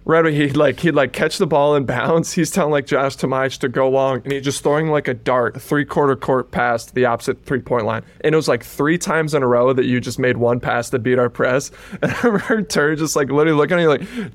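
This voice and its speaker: A man's voice: mid-range voice, brisk, few pauses, no room sound. A man co-hosting a podcast, telling rambling stories full of "like" and laughter. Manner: rambling, lots of "like", laughs often. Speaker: podcast co-host, former player. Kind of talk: casual storytelling chat.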